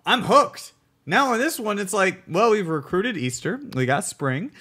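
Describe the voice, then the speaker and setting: Casting note: young male co-host, bright and forceful tone, higher voice, animated and jokey while recapping shows. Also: moderate pace. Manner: animated, acts out scenes, laughs a lot. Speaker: co-host of a TV review show. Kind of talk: casual chat.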